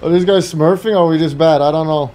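A man streaming a game with friends, shouting urgent callouts and teasing his teammates. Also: on the high side, quick pace, rough recording. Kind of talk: excited gaming commentary.

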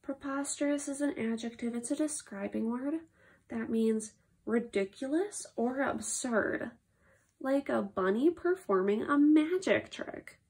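A woman's voice: a little high, measured pace, darkish tone, husky. A woman reading a picture-free book aloud to children as a lesson, reacting with playful, exaggerated surprise to the silly words.

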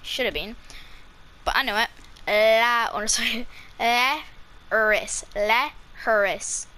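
A woman's voice: fairly high pitch, measured pace, pushed and bright. A young woman from Ireland with an Irish accent, chatting casually as a kids YouTuber, rambling and giggling with lots of ums. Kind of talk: casual vlog talk.

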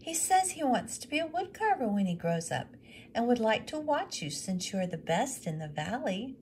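A woman's voice: fairly high pitch, big pitch swings, moderate pace, darkish tone, a little hiss or hum, voice pushed up. A woman voicing a polite, earnest widow in a read-aloud story.

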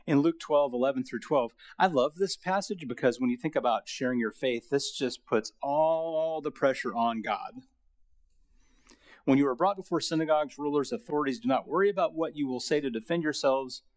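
Casual, animated man giving a Bible lecture. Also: mid-range voice, moderate pace. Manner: casual, animated storytelling with many fillers. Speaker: guest lecturer.

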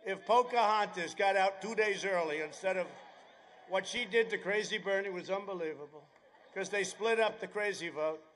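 A man with a fairly high voice gives a rally speech at an outdoor airfield. He wanders from point to point, slips in sarcastic asides, and now and then raises his voice to a shout. A faint hum of background noise sits under him. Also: normal speed. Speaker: campaign speaker.

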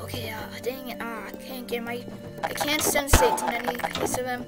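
A woman's voice: on the high side, steady tone, moderate pace, loud music behind the voice. A woman giving offhand casual commentary on her game video.

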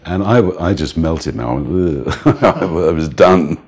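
An older music manager with a very deep, husky voice tells anecdotes in an interview at a slightly slow pace. He's an animated storyteller who laughs often and acts out the people he quotes.

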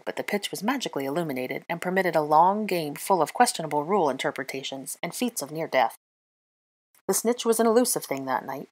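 A woman reading fan fiction aloud in an even, measured narration. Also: low voice.

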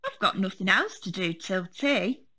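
A woman voicing an earnest little boy bear cub in a storybook, high and squeaky with excitement. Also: unhurried, heavily acted. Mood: determined.

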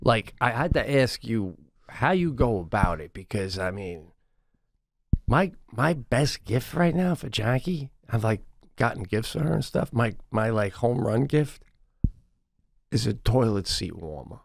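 Animated profane man, dry close sound. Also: mid-range voice, creaky, no room sound. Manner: animated, profane, rapid asides. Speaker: podcast co-host. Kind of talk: casual chat.

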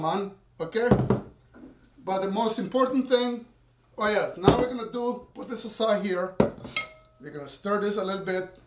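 A man's voice: high voice, background noise. A man chatting casually to viewers at home while making a drink, rambling as he goes. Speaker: home cocktail maker. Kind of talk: casual cooking vlog. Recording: roomy sound, from far off the mic.

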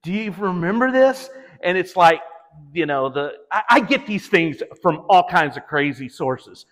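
A man's voice: high voice, unhurried. A man giving a casual gallery talk about his artwork, rambling and restarting his sentences as he tells stories. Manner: rambling, self-interrupting, animated storytelling. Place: art gallery. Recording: long reverb of a gallery hall.

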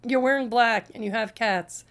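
A woman's voice: a little high, normal speed, a bit bright. A woman hosting a reaction commentary, exasperated and stammering as she talks back at a clip. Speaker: commentary channel host.

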